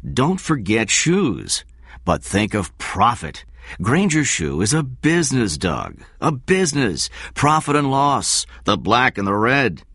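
An eager, emphatic designer in his forties, as a storyteller puts him on. He comes out much higher than the reader's normal voice, slightly husky, with big swoops in pitch. The sound is dry. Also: very animated, slow pace, fairly bright tone, dry recording, exaggerated voice. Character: muscular male fashion designer, mid-forties, eager.

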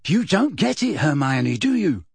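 A man's voice: a little high, big pitch swings, normal speed, slightly rough, no room sound. Guy doing a smug mischievous teen boy, cool and teasing, dry close read.

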